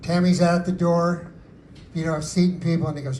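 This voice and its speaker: A man's voice: a little high, level tone, moderate pace, dark tone, a little hiss or hum, low-quality recording. An older man, a singer-songwriter, telling rambling, folksy stories about his songs at a book store event. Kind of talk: storytelling with live songs.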